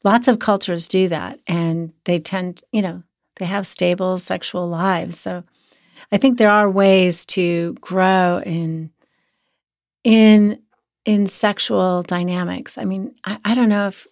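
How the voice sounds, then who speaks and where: A hoarse woman co-hosting a podcast as a sex therapist, talking in an earnest, reflective way. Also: lowish voice, steady tone, takes it slowly, dry recording, clean studio sound. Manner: earnest, reflective, many restarts. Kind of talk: casual podcast chat.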